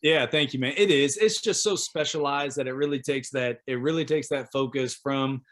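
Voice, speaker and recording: A man from Oklahoma, a pro football punter, telling a lively story as a podcast guest and acting out the voices of people he quotes. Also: medium pitch, normal speed. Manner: animated, acts out quotes of others. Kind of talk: casual storytelling interview.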